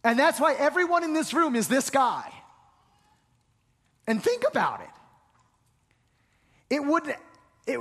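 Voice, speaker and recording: A pastor with a very high, fairly bright voice preaches earnestly to a congregation, often stumbling over repeated words. His voice echoes through a reverberant large hall.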